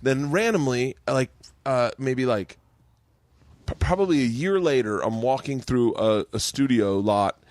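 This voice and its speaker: A man's voice: mid-range voice, a little slow, dry recording. A man hosting a podcast, telling a long profane comedic story and acting out the voices of the people in it. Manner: profane, animated storyteller who acts out quotes. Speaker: podcast host.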